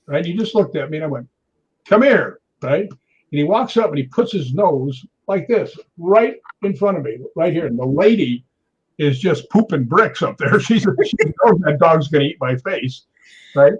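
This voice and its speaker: A man with a slightly high, husky voice tells an animated story as a guest on a talk show. He keeps checking in with his listener as he goes. The recording sounds dull and lo-fi. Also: moderate pace. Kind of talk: telling a story in a chat show.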